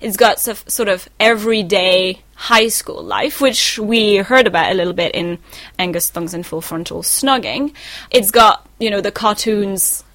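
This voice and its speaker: A woman's voice: mid-range voice, measured pace, fairly bright tone, no room sound. A young woman co-hosting a podcast, talking in a thoughtful, chatty way with fillers and small self-corrections. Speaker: podcast co-host. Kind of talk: casual chat.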